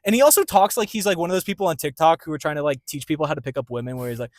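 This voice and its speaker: Man, podcast co-host, high voice, swoops around a lot, excitable, dry close sound. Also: very fast, dry recording. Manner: animated, excitable, laughs easily. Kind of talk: casual chat. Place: in a parked car.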